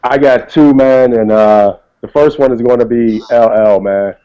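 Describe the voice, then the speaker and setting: A man with a dark, mellow voice talks about hip hop in a loose, relaxed style. He keeps checking in with the listener. The recording sounds dull and lo-fi. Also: mid-range voice, measured pace, clear, resonant tone. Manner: relaxed, says "you know what I mean" often. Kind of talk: casual chat about hip hop lyrics.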